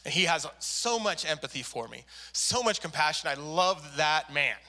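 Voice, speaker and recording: Man, pastor, storytelling sermon, animated, acts out characters, high tense voice. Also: normal speed.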